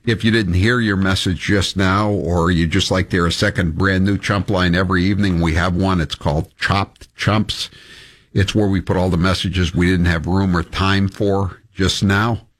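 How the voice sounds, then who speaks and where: A man hosting talk radio, rambling wryly with halting fillers. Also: deep voice, steady tone. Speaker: radio talk show host. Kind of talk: talk radio segment and ad read.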